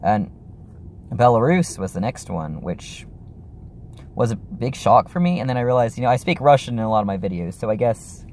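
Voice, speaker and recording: A man's voice: medium pitch, lively intonation, moderate pace, darkish tone, a little hiss or hum. A young man chatting casually in a vlog, rambling and apologetic, with lots of fillers and restarts. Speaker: YouTuber.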